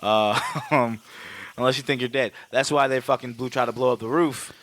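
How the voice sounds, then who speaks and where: A man co-hosting a podcast, retelling a film in a rambling, profane, animated way. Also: medium pitch, normal speed, no room sound. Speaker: podcast co-host. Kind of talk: casual film recap chat.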